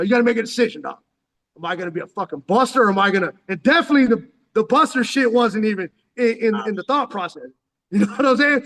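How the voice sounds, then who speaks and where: A man's voice: sits high, a bit bright. A man in his forties from San Diego telling a story in casual, slangy, profane talk that is full of "dog". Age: 40s. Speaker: vlogger. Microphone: headphones on. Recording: long echoing reverb.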